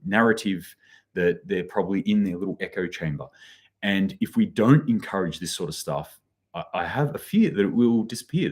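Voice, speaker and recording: A man with a very low voice hosts a livestream commentary on the news. He talks in a loose, rambling way, full of fillers and restarts. He stops now and then to read out comments from the chat. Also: husky. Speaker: host.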